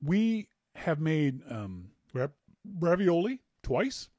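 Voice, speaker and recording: A man hosting a tech podcast in casual chat, animated and rambling, with jokes and repeated words. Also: on the high side, slow, no echo. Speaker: podcast host.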